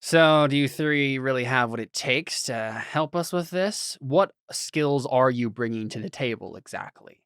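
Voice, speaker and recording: A man voicing a wary male gang leader who questions new allies in a measured, deliberate way. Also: mid-range voice, expressive, fairly bright tone, clean tone, no echo, studio quality. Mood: probing.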